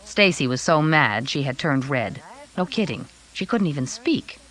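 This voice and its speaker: Woman narrator, low voice, lively pitch, expressive storybook reading. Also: moderate pace, poor audio. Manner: expressive, varied, reading aloud. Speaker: audiobook narrator. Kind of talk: first-person storybook narration.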